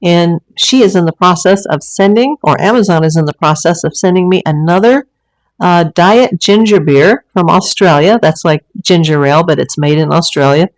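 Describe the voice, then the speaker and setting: Lady doing a casual home livestream, lowish voice, chatty and rambly with lots of ums. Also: normal speed, rough recording. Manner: rambling and chatty, with many fillers. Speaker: livestream host. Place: home room with a green screen and ring light.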